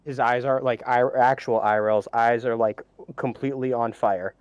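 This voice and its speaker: A man playing in a tabletop game over a voice call, excited and stumbling over restarts. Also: medium pitch, moderate pace, clean tone, dry recording, lo-fi sound. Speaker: player. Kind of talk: casual tabletop play.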